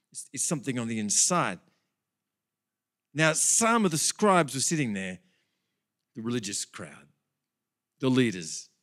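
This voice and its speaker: A man preaching a sermon in a church, telling a Bible story with animated, chatty asides. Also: on the high side. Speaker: pastor.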